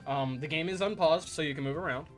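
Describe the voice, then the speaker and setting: A man narrating scenes as the game master of a tabletop game, slow and descriptive with filler words. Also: fairly high pitch. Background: faint background music.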